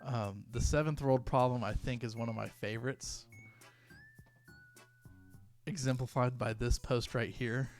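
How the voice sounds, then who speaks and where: Rambling young man with soft music. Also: medium pitch, steady tone, measured pace, long pauses. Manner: rambling, self-interrupting, reads posts aloud. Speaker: YouTuber. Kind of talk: comedic commentary.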